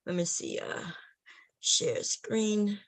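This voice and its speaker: Late at night, a comedy streamer speaks into her computer mic, telling a profane, funny story and acting out its scenes. Her voice sits in the mid range, and she talks very slowly, though she's often loud and animated.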